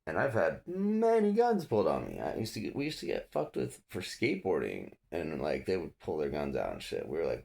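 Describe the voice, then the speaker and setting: A man with a low, gravelly voice tells a story in a casual, profane way. His pitch swings widely as he gets animated and acts out what others said. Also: brisk, few pauses. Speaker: guest telling a story.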